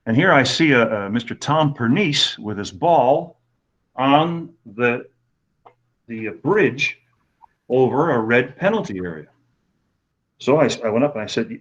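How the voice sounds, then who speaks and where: A man in his sixties teaching golf rules in a webinar, talking in a relaxed, halting way with many fillers. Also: medium pitch. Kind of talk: webinar lecture with anecdotes. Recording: dull lo-fi webinar audio.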